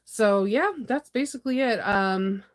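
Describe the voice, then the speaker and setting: Animated, laughing woman in casual chat. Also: medium pitch, unhurried. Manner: rambling, animated, laughs often, dramatic outbursts. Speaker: sewing channel host. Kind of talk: casual morning live chat.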